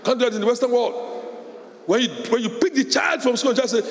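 A middle-aged man preaching a sermon as pastor, animated, laughing often and shouting in a high voice when quoting parents. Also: quick pace. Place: church hall. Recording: echoey hall with long reverb.

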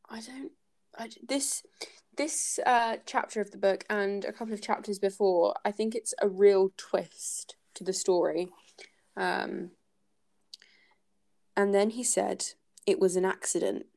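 A woman's voice: mid-range voice, fairly even intonation, takes it slowly, creaky, long pauses, darkish tone. A woman hosting a casual book-club podcast, thinking aloud and hesitating with many fillers as she talks through a chapter.

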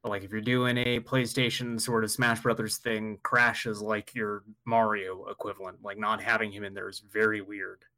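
A man's voice: on the low side, flat delivery, normal speed, few pauses, sharp tone. A man co-hosting a podcast, chatting loosely and casually and laughing often. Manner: laughs a lot, loose and rambling. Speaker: podcast co-host. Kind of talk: casual chat.

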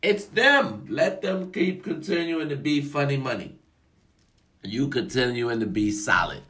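A young man giving a casual, profane motivational rant to the camera, emphatic and swinging between loud bursts and low asides. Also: measured pace. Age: young adult. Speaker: vlogger.

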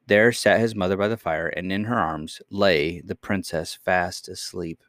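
A man reading a children's storybook aloud in a measured, calm way. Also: low voice, no echo, studio quality. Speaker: narrator.

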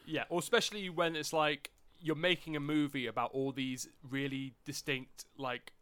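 Bright-voiced man, rambling. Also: fairly high pitch, steady tone, normal speed, clear, resonant tone, dry recording. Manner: rambling, restarts sentences. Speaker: podcast co-host. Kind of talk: casual film chat.

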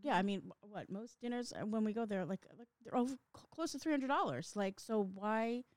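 A woman's voice: medium pitch, brisk, a little mellow, dry recording, studio quality. A woman in casual chat as guest co-host, candid and wry, often laughing.

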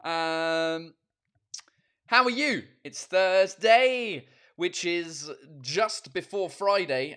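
A man's voice: high-pitched, fairly bright tone. A man hosting his own podcast and live show in casual chat. He rambles, swears freely and mocks himself.

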